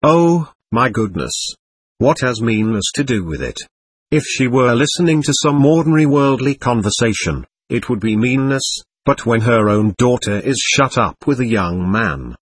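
A playful young woman teases and pleads with fervent eagerness, as a male reader puts her on. The voice rises and falls in lively sweeps. It is slightly husky and sits in a dry, close sound. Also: mid-range voice, normal speed, no room sound.

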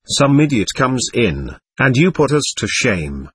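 A man voicing a scornful young woman in a storybook, disdainful and sharp-tongued toward her father. The reading is husky and dry. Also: medium pitch, big pitch swings, a little slow, no echo. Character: contemptuous young woman, the captain's daughter.

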